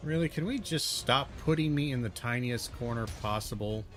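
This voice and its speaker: A man narrating his own gameplay, muttering and cursing in exasperation, with sudden loud outbursts. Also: mid-range voice, normal speed, soft background music. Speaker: gaming video host. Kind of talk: let's-play commentary.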